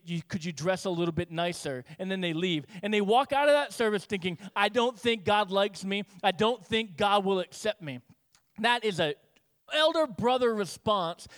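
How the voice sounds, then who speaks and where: A man preaching a sermon as pastor, telling stories with acted-out dialogue. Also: high voice. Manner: animated storytelling with acted-out dialogue.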